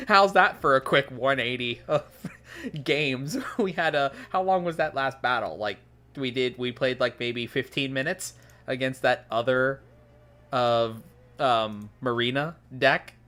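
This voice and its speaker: Man streamer, slow unhurried delivery with an animated, bright tone, chuckly gameplay commentary over faint music. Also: mid-range voice. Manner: chuckles often, thinks aloud. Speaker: streamer playing a card game.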